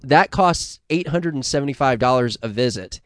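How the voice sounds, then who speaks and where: A man's voice: mid-range voice, lively intonation, moderate pace, no room sound. A man from the United States co-hosting a casual podcast, rambling, swearing and laughing through stories. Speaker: podcast co-host. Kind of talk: casual crude chat.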